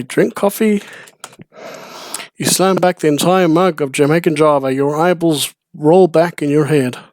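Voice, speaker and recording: A man's voice: medium pitch, no echo. A man giving playful, rambling commentary on a video game, with frequent chuckles. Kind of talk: let's play commentary.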